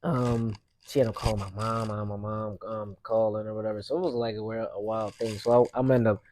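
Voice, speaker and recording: A man's voice: lowish voice, flat delivery, brisk, darkish tone, slight background noise. A young adult man, a podcast host, telling a personal story in a loose, rambling way with street slang and lots of fillers. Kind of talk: casual storytelling monologue.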